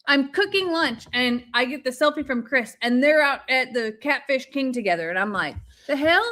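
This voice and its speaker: A woman's voice: sits high, lively intonation, normal speed, pushed and bright. A woman co-hosting a casual podcast chat, making wry, teasing remarks. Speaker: podcast co-host.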